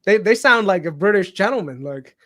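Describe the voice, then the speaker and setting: A man's voice: sits high, expressive, brisk, bright, forceful tone. Slangy joking man co-hosting a market show. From India. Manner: joking, slangy, does mock voices. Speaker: co-host. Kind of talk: casual market chat.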